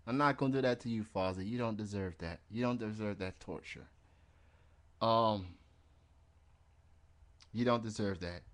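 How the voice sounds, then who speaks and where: A man hosting a wrestling radio show in casual chat, rambling and laughing at his own jokes. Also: medium pitch.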